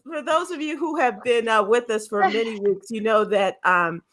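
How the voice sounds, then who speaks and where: Bright-voiced woman hosting a group chat. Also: on the high side. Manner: halting, many fillers and restarts. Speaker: talk show host. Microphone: video call.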